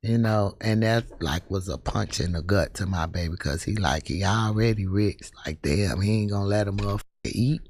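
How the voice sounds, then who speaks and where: A man speaking as an interview guest, halting and slangy, recalling his late son. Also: on the low side, darkish tone. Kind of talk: emotional interview talk.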